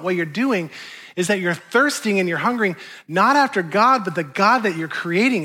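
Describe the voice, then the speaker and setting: A middle-aged male pastor preaching a sermon in a conversational, animated way, acting out quotes. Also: sits high.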